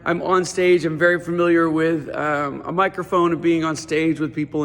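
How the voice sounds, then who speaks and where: A man who runs a teen center, giving an audition pitch and telling stand-up stories in a casual, animated way, saying "dude" and "like" a lot. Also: moderate pace, vocal fry, few pauses. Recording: long reverberant hall sound.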